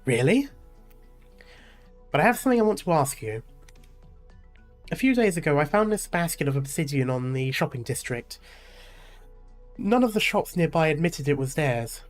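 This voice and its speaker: A streamer voicing an earnest, uneasy young woman from a game story. She asks question after question in a plain, mid-pitched voice. Quiet music plays behind. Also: sing-song, normal speed, long pauses, natural voice.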